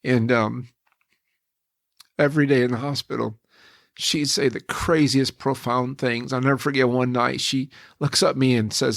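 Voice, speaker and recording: A man's voice: mid-range voice, steady tone, unhurried, vocal fry, no echo, clean studio sound. A middle-aged man, a podcast guest, telling a personal story in an earnest, reflective way with frequent restarts.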